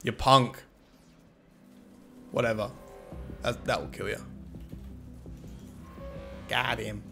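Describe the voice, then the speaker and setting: A man's voice: fairly low pitch, steady tone, takes it slowly, creaky, music in the background. Cheeky man streaming a game. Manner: cheeky, joking, thanks viewers, teases chat. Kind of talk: casual live-stream chat with viewers.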